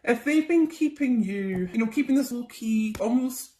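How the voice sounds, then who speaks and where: A woman's voice: on the high side, animated, normal speed, warm tone. A young woman, a tarot reader, chatting casually through a psychic reading with lots of ums and okays. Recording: echoey room, faint noise.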